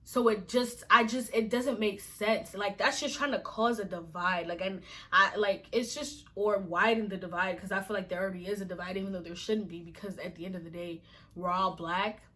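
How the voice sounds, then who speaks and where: Bright-voiced young woman ranting, exasperated. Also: mid-range voice, steady tone, moderate pace. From Africa. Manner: exasperated, emphatic, dramatic drops to a whisper. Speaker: vlogger. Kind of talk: casual vlog rant to camera.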